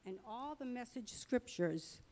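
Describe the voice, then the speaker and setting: Middle-aged woman, church testimony, earnest, chatty, mellow voice, a bit high, long hall echo. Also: expressive, measured pace. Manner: earnest, conversational and rambling. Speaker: church speaker. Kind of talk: personal testimony sermon.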